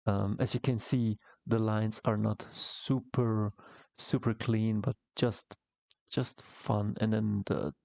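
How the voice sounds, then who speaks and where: Brief: man, slow gravelly delivery, casual comic-art tutorial voice-over, dry close mic. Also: on the low side, level tone, a little mellow, dry recording. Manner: rambling, halting, many fillers and restarts. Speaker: comic artist teaching.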